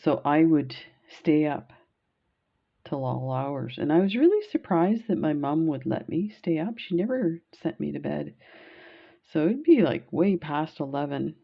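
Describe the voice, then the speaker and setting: A woman's voice: low-pitched, animated, measured pace, vocal fry, dull audio. A woman from Canada who tells stories in a chatty, rambling way while beading, often laughing. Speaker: beading vlogger. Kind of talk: casual storytelling while beading.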